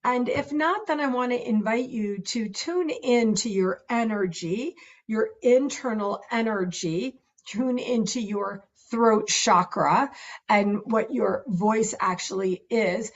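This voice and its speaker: A woman's voice: mid-range voice, slow pace, muffled recording. A middle-aged woman coach talking about confidence and voice in a casual, earnest and enthusiastic way, laughing often. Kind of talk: casual self-recorded advice talk.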